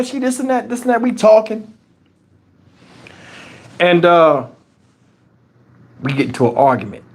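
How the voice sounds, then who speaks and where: A man hosting a live stream, telling stories in an animated, profane, rambling way. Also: very high-pitched. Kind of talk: casual storytelling on a live stream.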